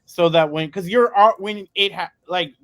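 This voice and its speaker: A man in a casual conversation, his voice sitting slightly high for a man. He talks loosely with plenty of swearing. When he gives advice he turns calm and earnest. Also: normal speed. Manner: laid-back, profane, earnest when giving advice. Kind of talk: casual podcast chat.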